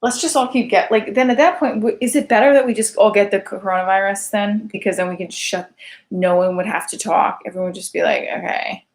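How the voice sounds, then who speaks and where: A woman's voice: medium pitch, steady tone, brisk. A woman in her thirties, a single mother doing a rambling comic monologue, chatty and full of fillers, with sarcastic self-mocking jokes.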